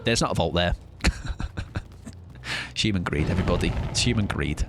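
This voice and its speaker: A young man streaming a game, chatting excitably and mocking himself as he plays. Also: deep voice, normal speed, background noise. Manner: chatty, excitable, self-mocking, swears casually. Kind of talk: live gameplay commentary. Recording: game music under the voice.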